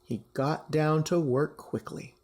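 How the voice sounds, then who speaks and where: A man, a teacher, reading a storybook aloud with expressive, emphatic delivery. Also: fairly high pitch, slow pace.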